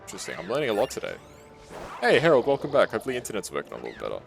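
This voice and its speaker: Gravelly low-voiced Australian man. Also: wildly swooping pitch, racing, faint music behind. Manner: chatty, reads chat aloud and muses, laughs often. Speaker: streamer. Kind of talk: casual chat with live chat while gaming.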